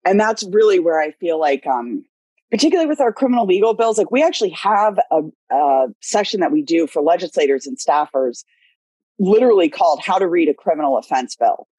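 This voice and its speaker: Husky-voiced woman, candid webinar talk. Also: on the low side, animated, brisk, warm tone, no echo. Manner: candid, talks in long winding sentences. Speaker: legislative director and lobbyist. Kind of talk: conversational webinar discussion.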